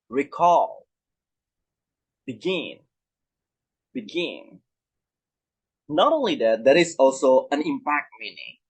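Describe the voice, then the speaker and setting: A man presenting a lesson on English pronunciation, repeating example words slowly and asking listeners if they follow. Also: on the high side, slightly rough, low-quality recording. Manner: asks listeners rhetorical check questions. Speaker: student presenter.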